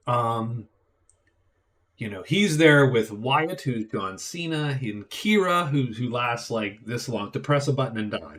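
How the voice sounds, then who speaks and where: A man giving a casual spoken movie review, rambling and chatty, with wry, amused asides and frequent restarts. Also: medium pitch.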